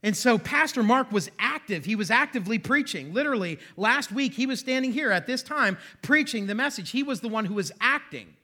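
A man's voice: extremely high pitch, expressive, a little fast, hardly any pauses, pushed and bright. A male pastor preaching a sermon in a church, conversational and self-deprecating, with joking asides. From western Pennsylvania. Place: church sanctuary.

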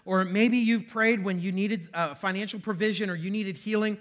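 A man preaching in a church, his voice high and bright. He teaches in a conversational way, slipping in self-deprecating jokes and asides to the congregation. The delivery stays friendly and informal. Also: fairly even intonation, moderate pace. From western Pennsylvania. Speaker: pastor. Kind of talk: sermon. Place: church sanctuary.

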